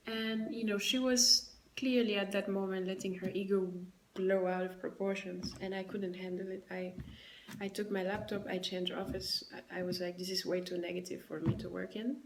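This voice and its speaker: A woman's voice: mid-range voice, little pitch movement, normal speed, roomy sound, a little hiss or hum, rough recording. Woman telling a workplace story. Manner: retells a workplace story, acting out both sides with quoted dialogue. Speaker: vlogger. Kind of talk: casual storytelling to camera.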